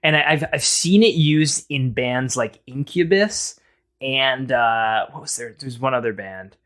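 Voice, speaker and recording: A man's voice: mid-range voice, unhurried, fairly bright tone. Rambling, hesitant man in comedic chat. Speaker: podcast co-host.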